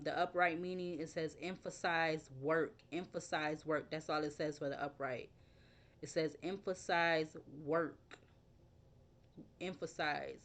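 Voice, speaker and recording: A young woman with a low, unhurried voice talks through a tarot reading in a loose, conversational way. She drifts into side stories and spells words out letter by letter as she thinks aloud. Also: a bit bright. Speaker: tarot reader.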